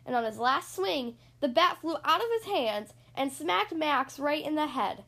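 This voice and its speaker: A woman hosting a podcast, reading a children's picture book aloud in an expressive, sing-song storytelling voice. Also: high-pitched, unhurried, gravelly.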